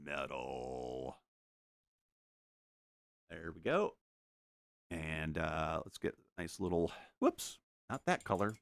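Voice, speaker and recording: Gravelly, animated man painting live. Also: low voice, a little slow, no room sound, clean studio sound. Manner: animated, jokey, makes sound effects. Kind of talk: casual live-stream chat while painting. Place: home studio.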